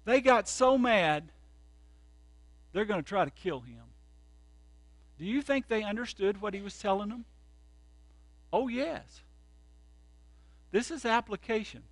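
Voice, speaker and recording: A man, a pastor, preaching a sermon and telling stories dramatically, jumping from loud outbursts to hushed, quiet lines. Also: sits high, lively intonation, unhurried, long pauses, no echo.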